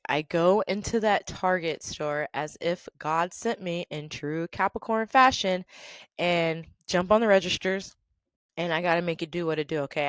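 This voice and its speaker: A woman's voice: fairly low pitch, clean tone, dry recording. A woman telling work stories in a sassy, emphatic, casual way, often laughing and checking in with "okay?". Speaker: storytelling vlogger. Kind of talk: animated casual storytelling.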